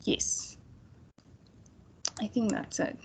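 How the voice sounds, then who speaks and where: A woman's voice: very slow, darkish tone. Casual young woman tutoring online. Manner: casual, chatty, many fillers and restarts. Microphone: computer mic on video call.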